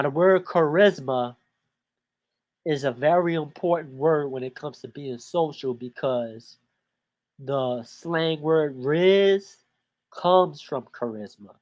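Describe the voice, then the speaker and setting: A man hosting a show, casually commenting on a video and thinking out loud. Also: on the high side. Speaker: host.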